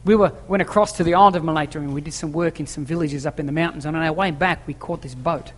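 A pastor talks fast in a slightly high voice as he preaches in a church hall. He drives his message home by repeating key phrases and asking rhetorical questions, and the space adds a long, echoing reverb.

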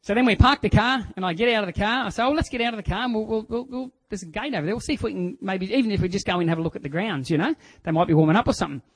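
A middle-aged Australian pastor with a notably high voice preaches with animated storytelling. He drops to near-whispers on key words, then rises sharply as he acts out voices. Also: very fast, few pauses, breathy edge, poor audio. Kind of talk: sermon.

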